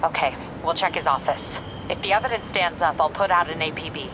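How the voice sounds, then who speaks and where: A woman's voice: low-pitched, a little fast, very noisy, natural voice. An actress playing a curt, businesslike female police captain.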